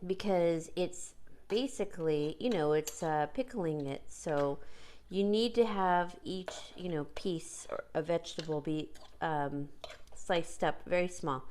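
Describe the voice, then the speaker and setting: A woman's voice: fairly low pitch, unhurried, a little mellow, a little hiss or hum. A woman casually talking through a home cooking how-to, chatty and rambling with many fillers and restarts, with the hiccups. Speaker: cooking vlogger. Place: home kitchen.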